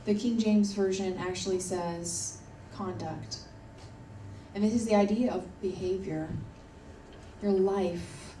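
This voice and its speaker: A woman's voice: medium pitch, steady tone, slow pace, warm tone, slight background noise. A woman preaching a sermon in an earnest, emphatic way, repeating her key points. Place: church hall. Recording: roomy church audio from a distance.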